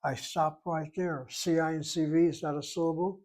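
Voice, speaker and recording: A man's voice: on the high side, flat delivery, normal speed, darkish tone. A man teaching a recorded grammar lesson, reasoning aloud step by step in a methodical way. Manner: methodical, talks himself through each step. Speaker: Hebrew teacher.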